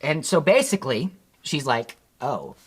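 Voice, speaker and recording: A woman's voice: low-pitched, animated, fast. A woman co-hosting a podcast, recapping a film in a dry, teasing, sarcastic way. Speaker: podcast co-host. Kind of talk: casual chat recapping a film.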